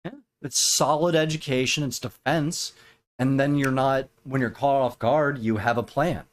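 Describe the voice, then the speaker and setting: A man's voice: medium pitch, fairly even intonation, moderate pace. Blunt, crude man talking on a podcast. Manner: blunt, crude, provocative talk. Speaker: podcast co-host. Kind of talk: casual podcast banter.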